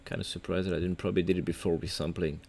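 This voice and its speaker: A man's voice: deep voice, flat delivery, racing, creaky, a little mellow. A man with a French accent, a music producer giving a casual, rambling, playful livestream tutorial.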